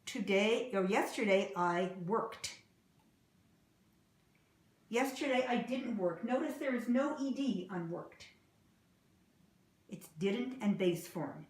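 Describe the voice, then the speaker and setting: A woman teaching English pronunciation, saying example words slowly and clearly and repeating them. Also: medium pitch, animated, roomy sound. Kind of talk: slow, deliberate pronunciation lesson.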